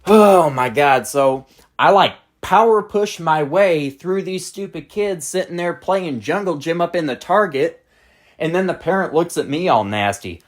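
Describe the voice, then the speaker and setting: Host, storytime rant, exasperated and blunt, pitch swinging widely, mid-height voice. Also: lively intonation, normal speed. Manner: exasperated, blunt, profane ranting. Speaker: channel host.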